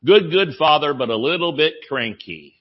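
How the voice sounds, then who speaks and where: A man's voice: fairly high pitch, normal speed, muffled recording. A man with a Southern US accent, preaching a humorous sermon full of stories and laughter. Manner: animated storytelling, laughs often.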